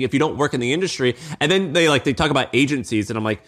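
A man co-hosting a podcast in casual business chat, animated and cussing, his voice jumping up when he tells a story. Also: mid-range voice, very fast, hardly any pauses. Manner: animated, swears freely, voice jumps up when telling stories. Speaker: podcast co-host.

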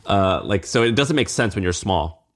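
A man co-hosting a podcast in casual business chat, animated and cussing, his voice jumping up when he tells a story. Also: sits low, moderate pace. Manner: animated, swears freely, voice jumps up when telling stories. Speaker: podcast co-host.

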